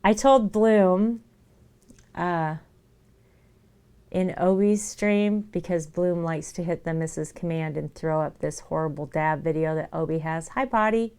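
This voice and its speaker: A woman's voice: fairly low pitch, measured pace, a little mellow, smooth. A woman chatting casually on a live stream while she crafts at her desk at home. She laughs often and talks to her viewers and her dog. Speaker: streamer making her own merch.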